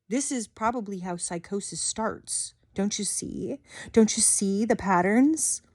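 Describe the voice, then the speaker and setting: A woman in a heated, swearing rant to camera as a vlogger, swinging between loud outbursts and muttered asides. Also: mid-range voice, unhurried, no echo, studio quality.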